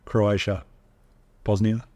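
A man's voice: on the low side, little pitch movement, slow, mellow. An Australian man in casual podcast chat, laid-back and asking questions. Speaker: podcast co-host.

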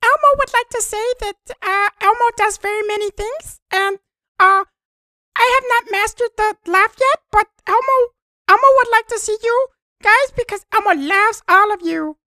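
A man's voice: very high-pitched, normal speed, pushed and bright, no echo, studio quality, pitched above the performer's own voice, heavily acted. A man putting on the voice of a sweet, childlike furry puppet monster who talks about himself in the third person. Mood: affectionate.

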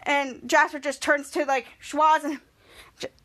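A woman hosting a podcast, recapping a TV episode in a rambling, repetitive way and loudly acting out the quotes. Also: high-pitched, little pitch movement, unhurried. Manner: rambling, repeats herself, acts out quotes loudly. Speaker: podcast host.

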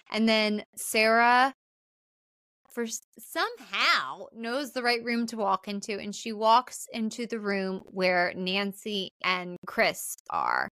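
A woman's voice: medium pitch, lively intonation, measured pace, sharp tone, no echo. A young adult woman co-hosting a podcast, chatting casually through a film recap with lots of fillers and the odd swear word. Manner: chatty, frequent "like" fillers, profane. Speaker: podcast co-host.

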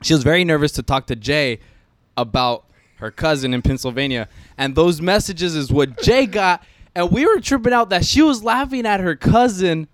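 A man's voice: on the high side, animated, moderate pace, no room sound. A young man with a slightly raised voice talks in eager, slangy podcast banter. The sound is dry and close, with no room around it. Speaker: podcast co-host. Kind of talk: casual chat.

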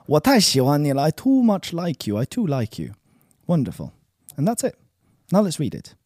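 Lively, joking man learning a language. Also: fairly high pitch, normal speed, no room sound, studio quality. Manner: joking, self-mocking. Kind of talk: casual language practice.

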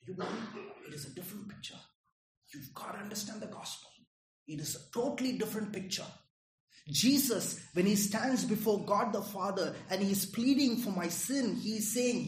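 A man's voice: high-pitched, lively intonation, moderate pace. An earnest male preacher delivers a sermon, asking his listeners questions and doubling back on his words. His voice rings around a roomy space, with faint noise behind it.

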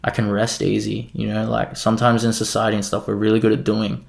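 A man's voice: fairly low pitch, monotone, fast talker, creaky. A young man casually sharing his faith story, earnest and rambling, with lots of "like" and "you know". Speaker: guest sharing faith testimony. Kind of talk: casual faith testimony chat.

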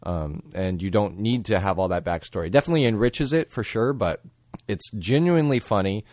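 Low-voiced man, dry and measured. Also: darkish tone, no echo. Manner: measured, thoughtful, frequent ums. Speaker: podcast co-host. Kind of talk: casual film discussion.

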